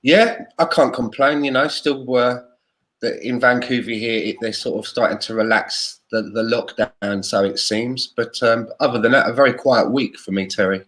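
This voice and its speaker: A man joining a casual live stream from his home, relaxed and hesitant, talking with many fillers. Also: mid-range voice, moderate pace. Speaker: guest. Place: home in Vancouver.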